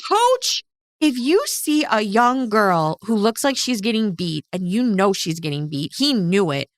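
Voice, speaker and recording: A woman's voice: mid-range voice, unhurried, dry recording. Chatty woman recapping a movie, dry sound. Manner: animated retelling, acting out characters' lines. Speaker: podcast co-host. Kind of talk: casual chat recapping a movie.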